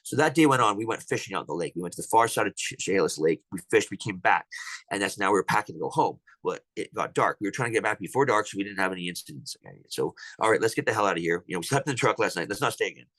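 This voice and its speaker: Podcast guest, male, rapid and rambling storyteller with frequent restarts. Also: lowish voice, animated, a bit bright, no room sound, rough recording. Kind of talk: telling a personal encounter story.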